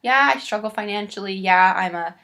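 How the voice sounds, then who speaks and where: A woman in her late twenties speaking in a halting, candid confessional vlog, close to tears. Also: medium pitch, pushed and bright. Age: late 20s. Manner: halting and candid, with pauses and restarts. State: on the verge of tears. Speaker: vlogger.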